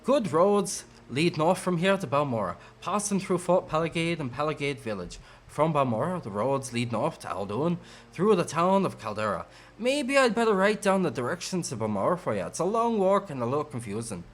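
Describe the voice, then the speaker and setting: A man voicing a brisk, helpful male scout guide with a put-on Irish accent, reciting places and routes in a lilting voice. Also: fairly high pitch, very animated.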